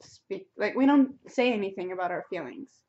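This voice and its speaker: A woman's voice: medium pitch, animated, normal speed, mellow. A young Swedish woman with a Swedish accent, chatting casually and jokingly in a vlog. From Sweden. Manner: giggly, jokey, acts out quoted lines. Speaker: vlogger. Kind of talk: casual chat. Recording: dull lo-fi sound.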